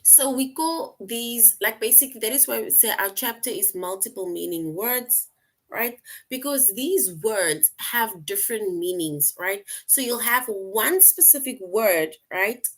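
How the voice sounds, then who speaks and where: A woman teacher explaining a lesson slowly, repeating points and checking in with "right?" often. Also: on the high side, expressive, a bit bright. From outside the US. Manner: slow, repetitive explaining, frequent "right?" check-ins. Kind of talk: online class lesson.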